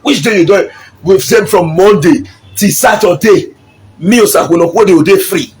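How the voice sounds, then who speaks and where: Nigerian man, middle-aged, husky high voice, fiery political speech, switches between Pidgin and English. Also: normal speed. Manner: impassioned, mixes Pidgin and English, repeats for emphasis. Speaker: local politician.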